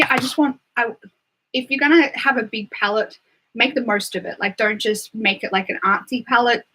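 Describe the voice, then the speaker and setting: A woman's voice: fairly high pitch, sharp tone, breathy edge, poor audio. A young Australian woman chatting casually on a live stream, filling her talk with "like" and "um". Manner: chatty, full of "like" and "um" fillers. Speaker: beauty livestreamer.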